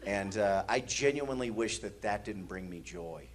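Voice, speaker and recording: A man's voice: lowish voice, moderate pace. A man from the Midwest doing stand-up comedy, telling anxious stories in a manic, rambling way on a comedy club stage.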